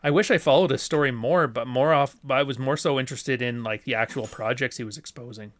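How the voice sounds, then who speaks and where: Male live stream host, casual and profane, mid-pitched, joking asides. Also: fairly quick, a bit bright. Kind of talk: casual chat.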